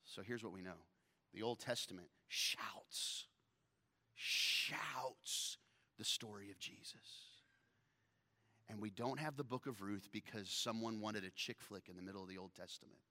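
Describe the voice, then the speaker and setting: A man's voice: on the low side, brisk. A man in his thirties preaching a sermon, retelling a scripture story with humor and acting out the characters' lines. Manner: animated storyteller, acts out characters. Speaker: pastor.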